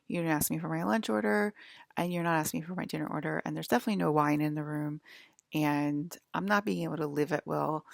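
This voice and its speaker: Low, gravelly woman ranting. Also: dry recording, clean studio sound. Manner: rambling, agitated and profane, many fillers and restarts. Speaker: vlogger. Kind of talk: rambling monologue to viewers.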